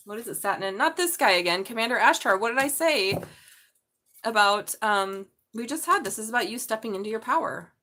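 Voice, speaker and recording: A woman hosting a live tarot reading from her bedroom, thinking aloud and often breaking into excited exclamations. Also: mid-range voice. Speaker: tarot reader.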